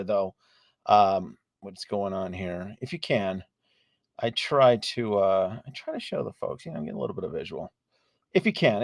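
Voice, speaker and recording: Male stream host, mid pitch, dry close mic, loose, chatty, laughs a lot. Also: dry recording. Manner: chatty, greets viewers by name, laughs often, trails off into restarts. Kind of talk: casual live stream chat.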